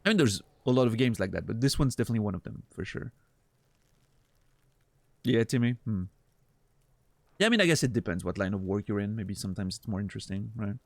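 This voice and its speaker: A man's voice: fairly low pitch, lively intonation, quick pace, creaky, pauses often, no echo. A young man streaming a game, chatting casually with viewers, swearing and laughing often. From Switzerland. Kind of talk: casual gameplay chat with viewers.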